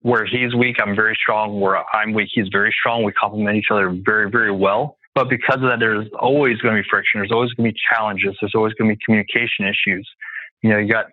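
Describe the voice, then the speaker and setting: A man's voice: on the low side, fairly even intonation, fast talker, no room sound. A man as a guest in a casual interview, talking confidently and emphatically, often making his points as lists. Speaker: guest real estate investor. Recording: dry tinny phone-like line.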